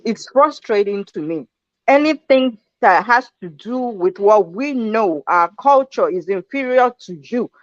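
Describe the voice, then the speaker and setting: A woman's voice: medium pitch, animated, a little slow, no echo. A woman from Nigeria speaking emphatically in a casual panel discussion. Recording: dull, dry recording.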